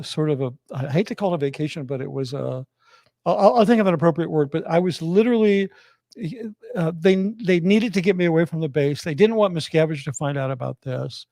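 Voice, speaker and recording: Halting man telling his story. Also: fairly high pitch, gravelly, dark tone, no echo. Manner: halting, with many restarts and fillers. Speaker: interview guest. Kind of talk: candid personal storytelling.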